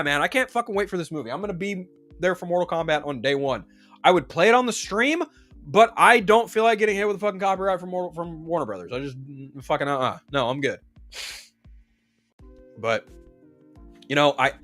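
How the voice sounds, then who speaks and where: A man's voice: sits high, bright, forceful tone. A man streamer giving a casual, profane, emphatic rant about movie news.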